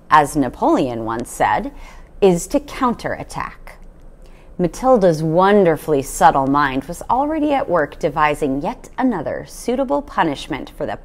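A woman reading a children's novel aloud, with an expressive storytelling manner. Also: on the low side. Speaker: storybook reader.

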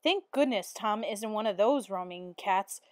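A woman's voice: mid-range voice, expressive, unhurried, no room sound, clean studio sound, close to an everyday voice. A woman reading a storybook, voicing a fretful, prim, respectable old widow.

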